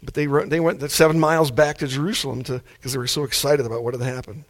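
A mild-mannered man delivering a sermon at an easy, laid-back pace. His pitch sits in an ordinary middle range for a man, neither deep nor high. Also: steady tone, quick pace. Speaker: preacher.

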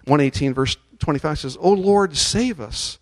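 A man preaching with a somewhat high voice that climbs to loud, ringing peaks on scripture. He reads verses aloud and leads the congregation in call-and-response chants. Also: normal speed. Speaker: pastor. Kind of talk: sermon.

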